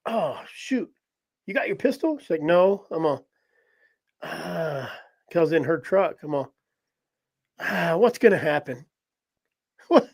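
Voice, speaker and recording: A man telling a story in casual conversation, laughing often and acting out what people said. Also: a little high. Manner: animated, laughs often, acts out voices in quotes. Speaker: podcast host telling a story.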